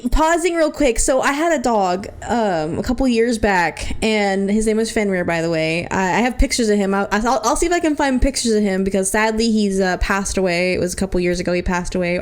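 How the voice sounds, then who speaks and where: Rambling woman streamer, casual chat. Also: medium pitch. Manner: rambling, tangents, stumbling restarts, casual swearing. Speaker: streamer reacting to videos.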